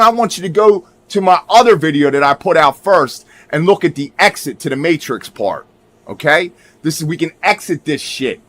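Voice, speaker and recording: A man's voice: high-pitched, fairly bright tone, no room sound. A man giving casual commentary while showing his screen; he talks emphatically, swears now and then, and keeps checking in with his viewers. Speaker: video creator.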